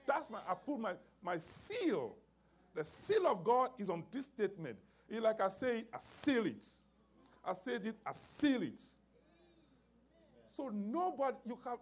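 Animated preacher with a lively voice. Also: male voice, very high voice. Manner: emphatic, repeats words and phrases, calls out "Amen?" to the congregation. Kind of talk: sermon.

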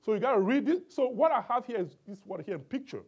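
A man's voice: extremely high pitch, sing-song, quick pace, darkish tone, slightly rough. A man preaching a Bible lesson to a congregation in church, emphatic, often checking in with his listeners. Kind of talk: sermon-style Bible teaching.

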